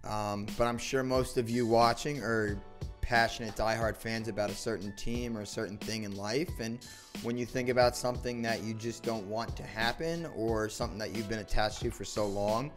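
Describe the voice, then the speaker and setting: A man's voice: fairly low pitch, fairly even intonation, normal speed, soft background music. A man co-hosting a casual podcast, rambling through questions and joking apologies. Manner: rambling, self-deprecating. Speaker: podcast co-host. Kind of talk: casual crude banter.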